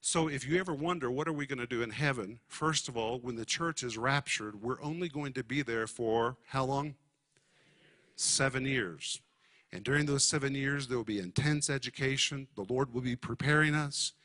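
A man teaching a sermon on the Bible, emphatic and deliberate, spelling out Greek words for his listeners. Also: mid-range voice, a bit bright.

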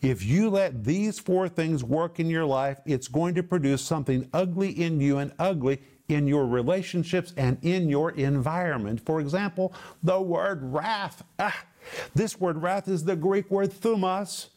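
A man teaching the Bible on a television program, explaining Greek words with slow, emphatic stresses. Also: a little high, darkish tone.

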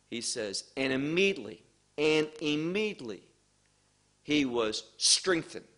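A man preaching a sermon, slow and emphatic, posing questions to the congregation. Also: a little high, fairly bright tone.

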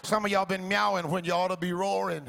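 A man preaching a sermon in a church, swinging from jokey asides to shouted, sung-out exclamations. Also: high voice, flat delivery, quick pace, vocal fry. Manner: playful, jokey asides to the congregation.

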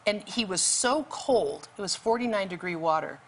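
Female guest, mid-pitched voice, earnest and emphatic storytelling in interview. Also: expressive, normal speed, vocal fry. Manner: vivid, emphatic retelling with bursts of urgency. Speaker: guest author.

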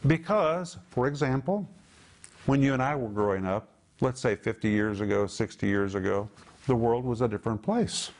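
A man in his sixties giving a televised Bible teaching, emphatic and deliberate, slowing down and repeating key words to stress them. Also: mid-range voice, darkish tone.

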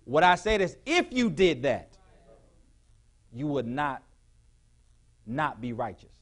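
A male pastor preaching a sermon in a church, with call-and-response questions to the congregation, sometimes rising to shouts. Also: on the high side, big pitch swings, slow. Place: church sanctuary.

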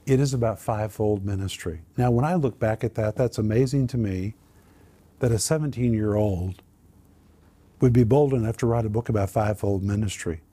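A man, a Christian minister and author, telling a personal testimony as an earnest, animated storyteller. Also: fairly low pitch, normal speed, husky.

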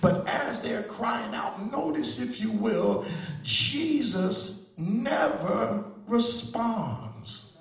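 High-voiced preaching man, slow and echoey. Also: expressive, creaky, recorded from a distance. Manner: repetitive singsong preaching cadence; swings between loud calls and quiet teaching. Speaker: pastor. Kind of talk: sermon.

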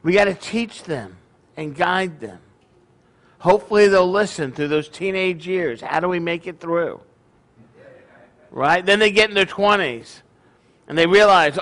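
A man's voice: high-pitched, unhurried, pauses often, a bit bright. A middle-aged man leading his congregation with a folksy, joking sermon, often poking fun at himself. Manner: folksy, joking, self-deprecating. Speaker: congregation leader.

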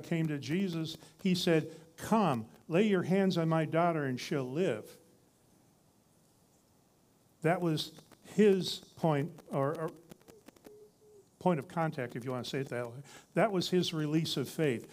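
A man's voice: on the high side, darkish tone. A man preaching a sermon in a conversational teaching style, reading scripture and building to emphatic repeated lines.

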